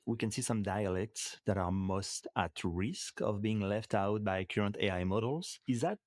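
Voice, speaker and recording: Fairly low-voiced male podcast host. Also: moderate pace, darkish tone, no echo, clean studio sound. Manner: thoughtful, hesitant questioning. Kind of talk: interview questions.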